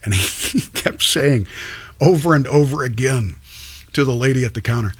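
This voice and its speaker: A man's voice: medium pitch, moderate pace, slightly rough, no room sound. A man hosting a talk show, chatting casually and telling stories with plenty of restarts. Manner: chatty, storytelling, many restarts. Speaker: radio show host.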